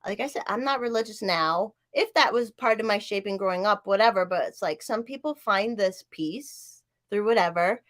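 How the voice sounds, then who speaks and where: A woman's voice: mid-range voice, normal speed, few pauses, fairly bright tone. A woman podcast host in casual chat, talking in a profane, emphatic, rambling way with many fillers.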